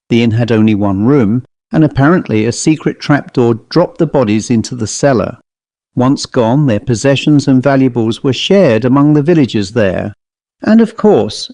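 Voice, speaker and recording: A man voicing a proud, rotund village constable in his thirties with a provincial accent, raised in pitch. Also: warm tone, dry recording, close to an everyday voice. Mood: uneasy. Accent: provincial English.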